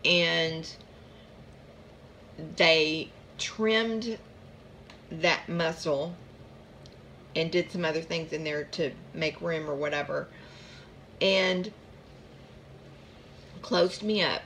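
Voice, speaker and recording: A woman's voice: sits low, extremely slow, pauses often, fairly bright tone, slight background noise. A woman casually telling a long personal story about her chronic pain, chatty and rambling, with many asides.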